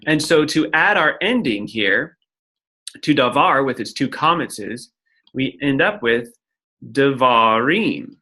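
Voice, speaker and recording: Guy teaching a class, clear bright voice, keeps saying right? as he explains. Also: medium pitch, lively intonation, measured pace. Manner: explanatory, frequent "right?" check-ins. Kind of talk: recorded lecture at a whiteboard.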